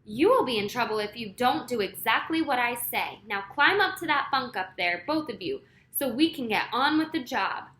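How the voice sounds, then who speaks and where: A woman's voice: on the high side, lively intonation, moderate pace, hardly any pauses, bright, forceful tone, reverberant. A woman voicing an overly polite, pompous male hijacker. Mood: formal.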